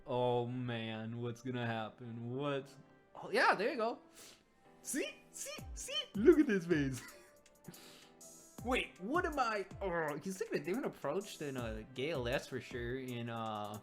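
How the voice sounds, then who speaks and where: Woman comic reviewer, low voice, excitable and rambling, with faint music behind her. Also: unhurried. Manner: excitable, rambling, many restarts. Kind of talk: casual reaction commentary.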